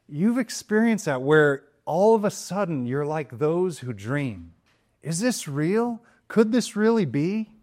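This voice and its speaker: Man preaching a lively sermon. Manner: animated storytelling, jumps high for excited quotes. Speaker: pastor.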